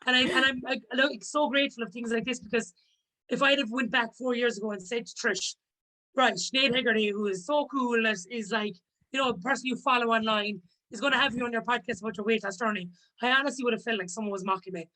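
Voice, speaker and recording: A woman's voice: on the high side, steady tone, fast, bright, forceful tone, rough recording. A woman, a podcast guest talking openly and earnestly in casual chat.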